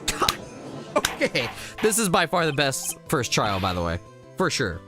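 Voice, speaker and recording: A man's voice: medium pitch, huge pitch swings, unhurried, over loud music. Swearing, laughing male streamer. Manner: casual, swearing, laughing between lines. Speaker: streamer voice-acting a game. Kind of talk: live let's-play reaction.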